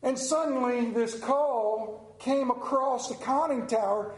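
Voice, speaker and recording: Animated high-voiced man preaching in an echoey hall. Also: moderate pace. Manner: animated storyteller, acts out voices. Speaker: pastor. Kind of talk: sermon. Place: church hall with congregation. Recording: roomy echoing hall.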